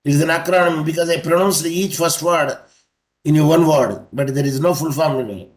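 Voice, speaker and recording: Man, fairly high voice, online class lecturer, patient and repetitive, spells out letters, video call. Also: normal speed. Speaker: law lecturer.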